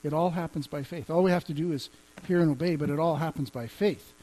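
A man's voice: on the high side, fast, warm tone, poor audio. A man teaching as a pastor, speaking conversationally, quoting scripture and chuckling now and then. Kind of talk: teaching on healing and faith.

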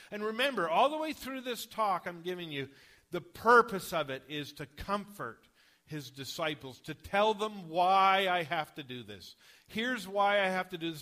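A man's voice: high voice, bright, forceful tone. A male pastor preaching a sermon in a conversational way, often asking the congregation questions.

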